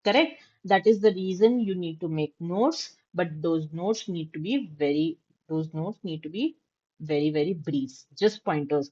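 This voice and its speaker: A woman's voice: lowish voice, measured pace, mellow, slightly rough, dull audio. A woman teacher giving a class lecture, stressing key words and often checking that students follow. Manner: emphatic, repeats key words, checks understanding.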